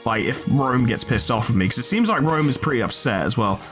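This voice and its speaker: A man's voice: medium pitch, lively intonation, fairly quick, fairly bright tone, soft background music. Male let's player, casual wisecracking commentary, mid-range voice. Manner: joking, sweary, talks to the game units. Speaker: gaming video host.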